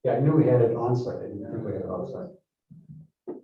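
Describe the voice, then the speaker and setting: Halting man presenting in echoey hall. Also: medium pitch. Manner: halting, many fillers and restarts. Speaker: project developer presenting to a town board. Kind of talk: public meeting presentation. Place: town hall meeting room. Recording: echoey council chamber, distant mic, muffled.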